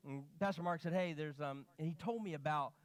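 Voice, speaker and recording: A man's voice: a little high, quick pace. A man preaching in a church, telling stories with animation and quoting people in his own voice. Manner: animated storytelling, quoting himself and others. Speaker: pastor. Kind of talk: sermon. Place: church sanctuary.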